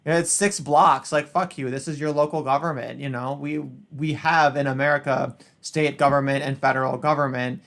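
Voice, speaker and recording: A man hosting a casual political stream with a mid-pitched voice. He speaks sarcastically and crudely. He swings from loud, punchy outbursts to low mutters. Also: fairly even intonation, normal speed, hardly any pauses.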